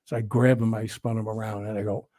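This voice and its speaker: An older man, a guest telling stories in a casual interview, animated and profane, acting out what people said. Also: lowish voice, fast. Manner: animated, profane storyteller who acts out quotes.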